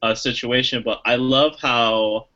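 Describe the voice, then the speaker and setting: A man's voice: mid-range voice, fairly even intonation, unhurried, bright, forceful tone, dull audio. A man chatting casually about a movie as a podcast co-host, rambling with lots of restarts and fillers and acting out lines he quotes. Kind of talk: casual movie review chat.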